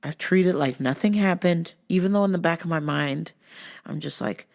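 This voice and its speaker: Gravelly, low-voiced woman ranting casually. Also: normal speed. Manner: profane, animated ranting to listeners. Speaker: podcast host. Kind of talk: casual solo monologue.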